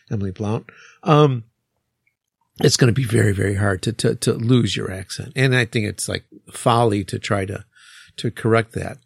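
With a medium pitch, vocal fry, and a slightly rough edge, an English teacher talks through a casual podcast chat. It's studio quality with no room sound; he rambles, restarts, uses lots of fillers, and laughs frequently.

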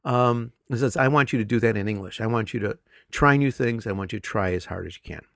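A middle-aged man, a teacher, telling classroom stories in casual conversation, animated and laughing often. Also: fairly low pitch, quick pace, creaky, dry recording, clean studio sound. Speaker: English teacher.

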